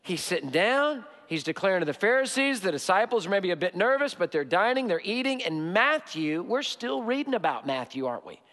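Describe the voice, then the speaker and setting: A man preaching a sermon as pastor, emphatic, repeating key phrases and slowing down to stress them. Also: sits high, sing-song, a bit bright, in a large hall. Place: church sanctuary.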